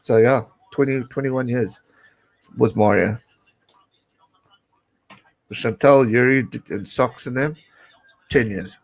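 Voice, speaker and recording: A South African man in his late twenties hosting a casual live watch-along, chatting and cheering excitedly at the game. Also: medium pitch, takes it slowly, vocal fry, pauses often, poor audio. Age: late 20s. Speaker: live-stream host.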